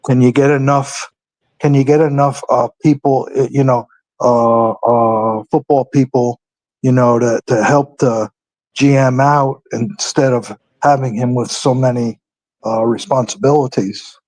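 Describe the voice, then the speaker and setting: Male call-in regular, slow and hesitant, lots of uhs, dry sound, mid pitch. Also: fairly even intonation, a little mellow, no echo, low-quality recording. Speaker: regular caller. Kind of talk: phoning in to a radio show.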